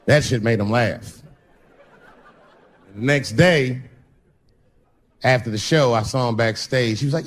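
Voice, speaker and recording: A man's voice: mid-range voice, sing-song, normal speed, long pauses. A man doing a stand-up routine on stage, telling stories with punchy, profane delivery and acting out the dialogue. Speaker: stand-up comedian. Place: stage before a live audience.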